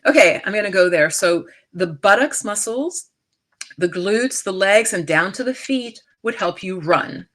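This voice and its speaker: A woman's voice: medium pitch, animated, measured pace, a bit bright. A middle-aged woman from the United States giving a chatty, emphatic live-streamed talk on stress as a wellness coach. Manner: chatty and emphatic, frequent asides and restarts. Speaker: stress coach and yoga teacher.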